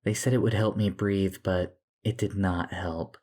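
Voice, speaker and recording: A man voicing a cold, eerie orphan girl who speaks flatly. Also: low voice, measured pace. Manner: cold and flat.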